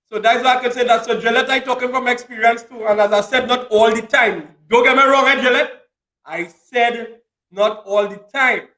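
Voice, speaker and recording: A man's voice: very high voice, steady tone, quick pace, hardly any pauses, bright, forceful tone. A man, hosting a casual chat and holding forth with lots of repetition. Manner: preachy, repeats phrases for emphasis. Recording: echoey room.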